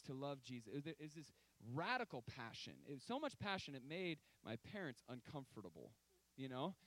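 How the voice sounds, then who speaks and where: A man's voice: fairly high pitch, rough recording. Emphatic man preaching a sermon. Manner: storytelling, emphatic with sudden loud outbursts.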